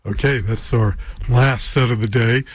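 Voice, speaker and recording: A male radio DJ with a slightly husky voice, talking loosely and hesitantly with plenty of fillers and wry jokes at his own expense. The sound is close and dry, with no room around it. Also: medium pitch, steady tone, unhurried, dry recording. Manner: rambling, unsure, self-deprecating asides. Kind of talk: casual radio show talk.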